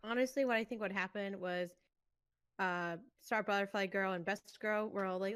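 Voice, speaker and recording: A woman's voice: medium pitch, fairly even intonation, brisk, a bit bright, no room sound. A woman co-hosting a casual podcast, gushing and laughing about characters she loves. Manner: giggly, gushing. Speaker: podcast co-host. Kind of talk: casual chat.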